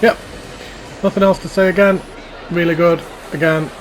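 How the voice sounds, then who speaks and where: A man's voice: high-pitched, steady tone, moderate pace, soft background music. A man giving casual, enthusiastic commentary while touring a theme park in a video game, rambling and repeating his praise. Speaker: YouTuber touring a fan-built theme park.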